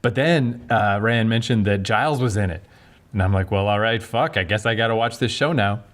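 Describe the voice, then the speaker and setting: Low-voiced male podcast co-host, animated and casual, swears. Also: moderate pace. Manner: animated, swears, acts out quotes. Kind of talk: casual chat.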